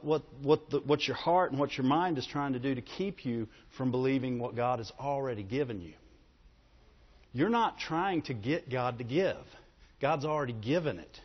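High-voiced preacher man in an echoey hall. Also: breathy edge. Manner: emphatic, calls for audience response. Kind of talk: sermon. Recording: echoey hall, dull lo-fi sound.

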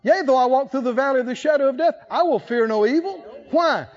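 A man's voice: very high-pitched, brisk, hardly any pauses. A man preaching a sermon with emphatic calls for the congregation to answer back. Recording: slightly muffled recording.

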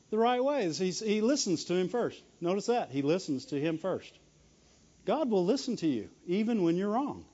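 A man whose voice sits strikingly high preaches with animated emphasis and lots of chuckling. It's a dull, lo-fi recording.

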